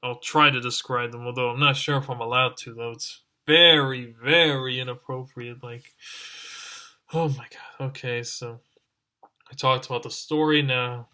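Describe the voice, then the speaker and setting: A man's voice: mid-range voice, fairly even intonation, moderate pace, sharp tone. A man giving a ranting review as an online reviewer, exasperated and exclaiming over and over.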